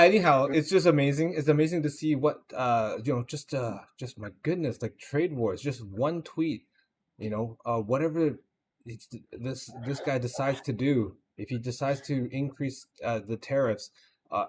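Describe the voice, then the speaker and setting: A Canadian man hosts a livestream with easy, rambling chat, padding his thoughts with fillers. He speaks at an average pitch for a man, with faint noise in the background. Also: darkish tone. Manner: loose and rambling, many fillers like "like" and "uh".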